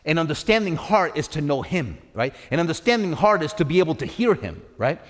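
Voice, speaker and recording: A male preacher with a high, very animated voice delivers an emphatic sermon. He circles back over the same phrases and keeps asking "right?" His voice rings out with long reverb. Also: brisk.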